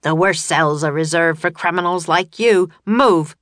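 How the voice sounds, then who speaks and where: Woman doing a loud gruff palace guard. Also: on the low side, a little slow, no echo, clean studio sound. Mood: angry barking. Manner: barking orders, loud. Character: grouchy male palace guard, gruff and threatening. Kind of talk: audiobook reading.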